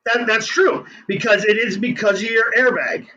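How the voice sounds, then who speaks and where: A middle-aged man, an inventor telling his story as an interview guest in an excitable, hyper way. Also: high-pitched, moderate pace, highs cut off.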